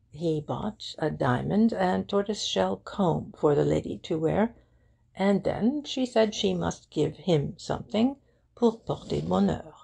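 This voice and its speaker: A woman's voice: on the low side, heavily acted. A woman voicing an eager young shop girl who chats readily and slips into phrases. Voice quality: gravelly, husky. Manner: lively, helpful, sprinkles French phrases.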